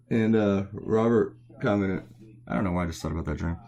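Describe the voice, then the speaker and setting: Late at night at home, a Southern cartoonist keeps his voice down so others can sleep, drawing live and replying to viewer comments in a loose, rambling chat. His voice sits low, with a dark tone and some vocal fry.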